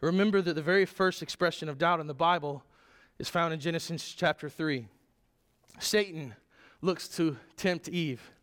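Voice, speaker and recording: A man's voice: a little high, moderate pace, fairly bright tone. A man preaching a sermon as a pastor, earnest and emphatic, with small restarts as he talks.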